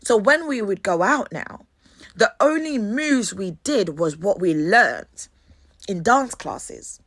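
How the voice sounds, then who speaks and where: A young woman from Jamaica with a Jamaican London accent tells embarrassing stories in an animated, profane way. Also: medium pitch, slow pace, no room sound. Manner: animated, swears freely. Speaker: host. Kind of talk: storytelling monologue.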